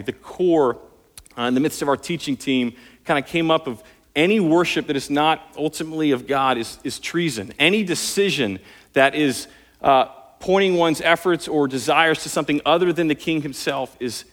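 A man's voice: on the high side, fairly bright tone. A male pastor preaching a sermon earnestly, building intensity on his key points. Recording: long hall reverb.

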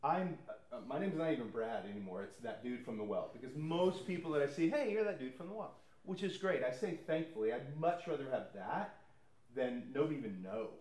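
A man's voice: mid-range voice, animated, a little fast, a little mellow. Guy preaching, chatty storyteller, does little voices for people, roomy echo. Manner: conversational storytelling, acts out quoted people. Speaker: pastor. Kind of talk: sermon testimony. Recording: echoey room.

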